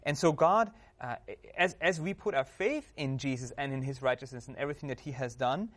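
A man's voice: medium pitch, fairly quick. Earnest man discussing scripture. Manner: earnest, quotes scripture, fillers like "you know" and "right". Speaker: panel member. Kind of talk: casual Bible discussion.

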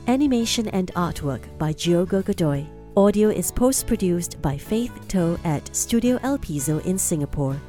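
A woman reading podcast credits in a plain, even way. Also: fairly low pitch. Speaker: podcast announcer.

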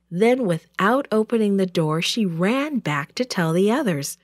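Slow, expressive woman reading a storybook. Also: medium pitch, no room sound, clean studio sound. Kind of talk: children's storybook narration.

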